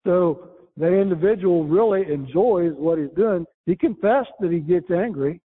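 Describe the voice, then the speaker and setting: A man preaching a sermon, reading scripture aloud and explaining it verse by verse, slowing down and rising when he quotes. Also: husky. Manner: rises in pitch when quoting scripture, slow and emphatic. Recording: tinny phone-like sound.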